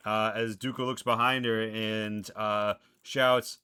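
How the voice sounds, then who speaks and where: A man's voice: on the low side, flat delivery, slow, bright, forceful tone, smooth. A man running a tabletop game as game master, making casual rulings and narrating the action in loose slang.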